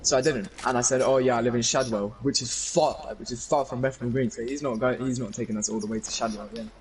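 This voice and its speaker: A young man, excitedly telling a story to friends in a casual, swearing, rambling way. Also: mid-range voice, fast talker, a little hiss or hum. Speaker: gaming channel host. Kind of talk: animated storytelling chat.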